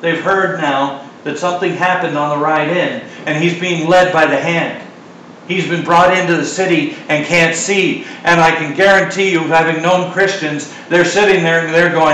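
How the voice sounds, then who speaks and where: A man's voice: on the high side, moderate pace. A middle-aged male preacher gives a sermon in a chatty, joking way, with a slightly raised voice. He is heard from a distance in a large hall that echoes strongly, with a faint room hum behind him. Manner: conversational, joking asides, animated retelling.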